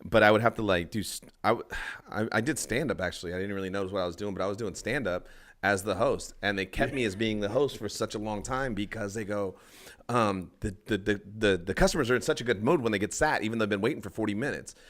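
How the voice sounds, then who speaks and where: A male comedian telling a story in casual podcast chat, acting out the people in it and swearing freely. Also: fast. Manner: animated, acts out quotes with rising pitch and swearing.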